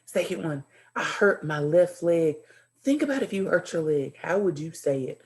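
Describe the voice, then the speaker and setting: A woman teaching a second grade class in a recorded video lesson, cheerful and encouraging, speaking slowly and clearly for young children. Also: low voice, lively intonation, darkish tone.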